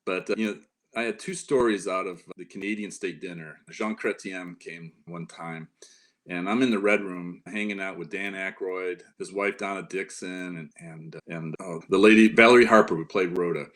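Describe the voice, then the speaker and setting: Low-voiced middle-aged man telling rambling anecdotes. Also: fairly even intonation, normal speed, a bit bright. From Upstate New York, near Lake Ontario. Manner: rambling anecdotes with many fillers and restarts. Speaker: interview guest, former White House staffer. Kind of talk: casual storytelling interview.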